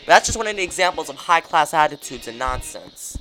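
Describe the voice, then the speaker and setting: A young podcast host chatting casually, ranting in an animated way and reading out questions to co-hosts. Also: brisk, hardly any pauses, soft background music. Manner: animated, ranting, swings pitch widely. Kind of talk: casual chat.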